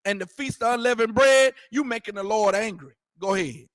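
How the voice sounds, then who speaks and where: High-voiced emphatic man preaching. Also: fairly quick, a bit bright, no echo, studio quality. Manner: emphatic, repetitive, street slang, rhetorical questions. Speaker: scripture class teacher. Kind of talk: preaching scripture commentary.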